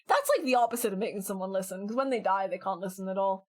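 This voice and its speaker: A woman's voice: mid-range voice, fast talker. A woman streaming a game playthrough, making wry, joking asides between lines of dialogue. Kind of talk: live game playthrough commentary.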